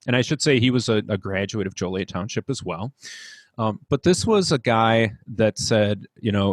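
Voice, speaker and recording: Low-voiced Midwestern man, earnest storyteller. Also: lively intonation, no room sound. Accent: Midwestern American. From United States. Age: young adult. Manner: earnest, halting, with many restarts and fillers. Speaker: band director guest. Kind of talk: reflective interview storytelling.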